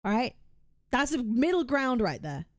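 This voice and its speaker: A woman's voice: a little high, very animated, moderate pace, dry recording, studio quality. A woman streamer making a heated, argumentative case on stream, emphatic and often repeating herself. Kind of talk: heated reaction rant.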